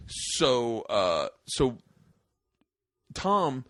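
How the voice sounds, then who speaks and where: A man's voice: medium pitch, very slow, no room sound. A man in his forties hosting a podcast, telling profane stories in casual chat. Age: 40s. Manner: animated, profane storyteller. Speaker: podcast host.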